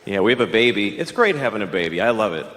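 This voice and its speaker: Ranting stand-up comedian, lively pitch. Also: male voice, fast, roomy sound, in a large hall. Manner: ranting, profane, jumps into shrill yelling bits. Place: comedy club stage. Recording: live set with clear audience noise.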